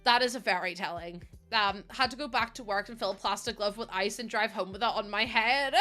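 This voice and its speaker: Young woman, casual streamer chat, giggly, lots of fillers, bright tone. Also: medium pitch, fairly quick, hardly any pauses, faint music behind. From United Kingdom. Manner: chatty, laughs often, lots of "like" fillers. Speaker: live streamer.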